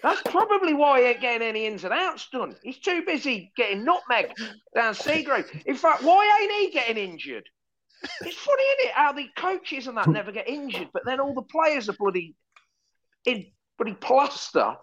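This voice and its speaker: A man's voice: very high voice, normal speed, slight background noise. Wry male pundit on a dull line. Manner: wry, deadpan jokes and mock rants. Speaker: podcast pundit. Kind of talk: casual chat.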